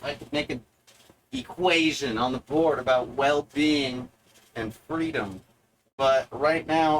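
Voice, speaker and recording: A man delivering a provocative monologue to the viewer, sardonic and deliberate, halting often to find his words. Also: a little high, a little hiss or hum, poor audio. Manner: mock-lecturing, talks straight to the viewer. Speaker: video essayist.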